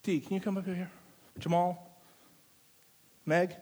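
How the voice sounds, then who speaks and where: High-voiced man preaching emphatically. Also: little pitch movement, takes it slowly, dark tone, slightly rough. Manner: emphatic, repeats phrases for stress. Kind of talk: live sermon. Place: church service.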